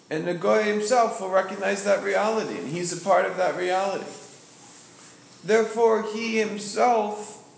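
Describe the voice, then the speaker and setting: Man, high voice, gravelly fry, earnest classroom explanation, echoey room. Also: a little hiss or hum. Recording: roomy echo.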